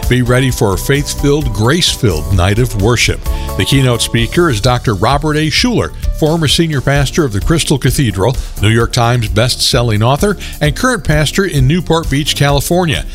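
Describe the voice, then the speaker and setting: Man, radio announcer, scripted community notice, measured, faint music. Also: medium pitch, animated.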